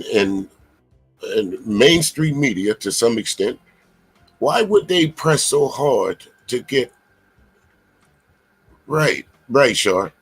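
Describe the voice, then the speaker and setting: Husky, emphatic male commentary host. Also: mid-range voice, rough recording. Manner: animated, emphatic, profane, talks straight to viewers. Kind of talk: live-streamed political commentary.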